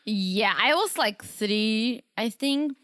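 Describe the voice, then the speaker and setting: Bright-voiced woman co-hosting a podcast. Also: a little high, slow pace, no room sound, studio quality. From Czech Republic. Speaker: podcast co-host. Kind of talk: casual podcast chat.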